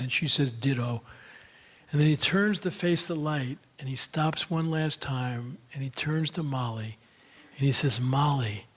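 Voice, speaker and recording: A man's voice: mid-range voice, breathy edge. Folksy older man telling stories. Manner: folksy storyteller with fillers. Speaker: speaker. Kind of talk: motivational talk with Q&A.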